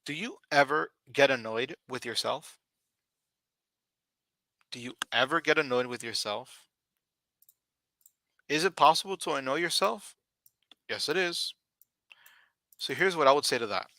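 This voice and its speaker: A man teaching an English conversation lesson, slowly repeating each question and model answer. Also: mid-range voice, animated, sharp tone, dry recording.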